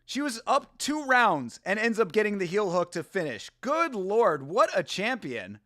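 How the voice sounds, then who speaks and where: A man chatting casually as he reacts live to a grappling event, excitable and laughing often as he talks to his viewers. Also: high voice, unhurried, no room sound, studio quality.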